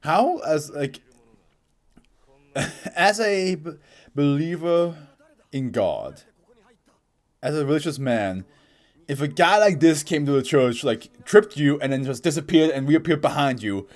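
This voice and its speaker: A man hosting a casual anime reaction, animated and profane. He laughs often and bursts into shouting. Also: fairly high pitch, a little slow, long pauses.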